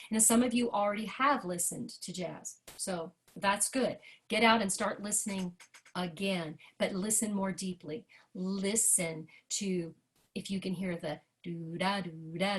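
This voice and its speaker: Chatty woman teaching jazz singing. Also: medium pitch. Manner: chatty, animated, sings rhythm syllables to demonstrate. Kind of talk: online workshop lesson. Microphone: video call.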